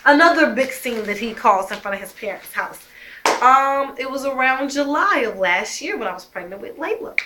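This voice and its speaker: A woman's voice: sits high, expressive, moderate pace, noisy background. A young woman telling her own story as a mother, emphatic and heated, swearing often. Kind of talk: emotional personal storytelling.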